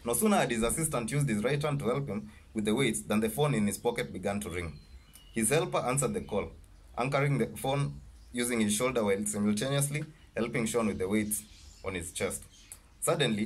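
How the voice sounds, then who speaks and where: A man reading his own novel aloud, halting and correcting himself as he goes. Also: mid-range voice, breathy edge. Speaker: author.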